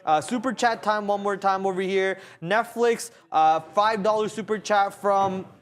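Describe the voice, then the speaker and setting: A man hosting a live day trading show, giving chatty, brisk commentary from a trading floor studio, repeating himself and laughing at himself now and then. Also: sits high.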